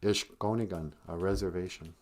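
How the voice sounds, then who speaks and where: A man's voice: deep voice, steady tone, moderate pace, darkish tone. A man hosting a joking live stream, teasing and laughing, slipping into a grumpy old-man voice for his jokes. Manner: playful, breaks into song and laughter, mock-elder scolding. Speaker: host of a live stream on Ojibwe language.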